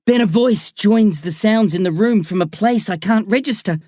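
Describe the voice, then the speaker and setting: A woman's voice: medium pitch, normal speed, dark tone, dry recording, clean studio sound. A woman narrating a novel in the first person, with an intense, dramatic delivery. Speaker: audiobook narrator.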